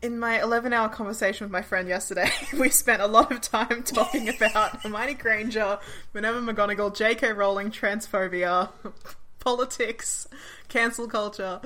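A woman co-hosting a podcast, chatty and quick in bursts, laughing and swearing freely. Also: medium pitch, steady tone, pushed and bright. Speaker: podcast co-host. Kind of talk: casual podcast chat.

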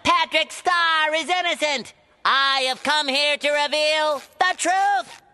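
A squeaky, earnest cartoon sea sponge. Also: male voice, slow pace, pushed and bright, a little hiss or hum, exaggerated voice. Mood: grandiose. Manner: grandiose, then solemnly apologetic speech. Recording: cartoon clip with music behind.

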